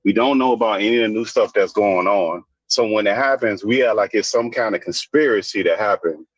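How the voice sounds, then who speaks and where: Blunt ranting man, husky voice. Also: fairly low pitch, fairly quick, no room sound, low-quality recording. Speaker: commentator. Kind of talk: opinionated casual commentary.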